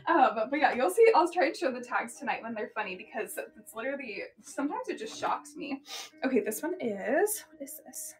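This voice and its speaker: A woman's voice: sits high, sing-song, fairly quick. A young woman chatting casually on a live stream as she sells thrifted clothes, giggling often and filling gaps with "um" and "like.". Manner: chatty, giggly, lots of ums and likes. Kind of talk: casual live-selling chat.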